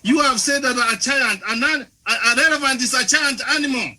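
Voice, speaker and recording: A man's voice: extremely high pitch, normal speed, bright, forceful tone, poor audio. A man speaking at a panel forum, making an impassioned speech full of rhetorical questions, often restarting his words and turning to the moderator by name. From Africa. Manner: frequent restarts and repeated words.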